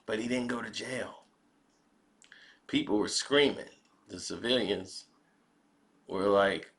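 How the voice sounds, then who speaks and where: A man giving spoken commentary in a measured, reflective way, often posing rhetorical questions. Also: on the low side, a bit bright. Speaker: commentary vlogger.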